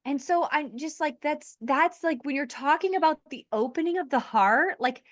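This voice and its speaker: A woman hosting a casual podcast conversation, earnest and animated, laughing lightly between points. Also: sits high, normal speed, no room sound, clean studio sound. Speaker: podcast host.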